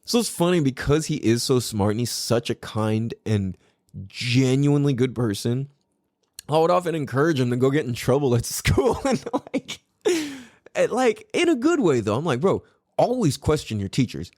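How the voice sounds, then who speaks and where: Here a middle-aged podcast host speaks at medium pitch and moderate pace, recorded as clean studio sound with no echo. His storytelling is casual and profane, and he animatedly reenacts things he said.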